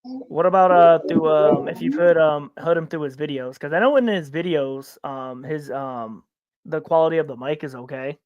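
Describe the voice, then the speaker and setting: A man from upstate New York co-hosting a podcast in casual chat, rambling with many halting restarts. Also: fairly high pitch, no echo, lo-fi sound. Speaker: podcast co-host.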